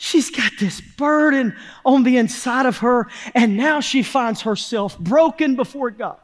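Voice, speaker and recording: A male pastor, preaching a fervent sermon, shouting at its peaks and then dropping low and quiet, with folksy phrasing. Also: measured pace. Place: church sanctuary.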